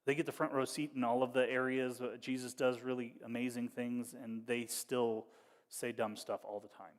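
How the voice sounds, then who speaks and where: A male pastor preaching with a loose, conversational and wry delivery, dropping to hushed storytelling and then rising into animated bursts. His voice sits in an ordinary middle pitch and rings out with the long reverb of a church hall. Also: normal speed. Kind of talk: sermon.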